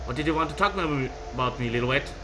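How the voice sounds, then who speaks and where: A man voicing a spiteful, mocking young woman in a shrill, high-pitched, taunting voice. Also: racing, music in the background, natural voice, low-quality recording.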